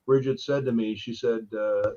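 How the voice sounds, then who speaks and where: A man's voice: medium pitch, steady tone, normal speed, mellow. Enthusiastic man on dull stream audio. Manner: enthusiastic anecdote-telling. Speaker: voice actor guest. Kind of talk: casual chat.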